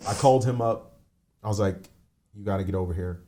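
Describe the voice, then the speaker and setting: A man in his forties with a low, dark voice appears as a podcast guest, speaking a little fast. He works through a painful personal story candidly and loosely, rambling and swearing casually.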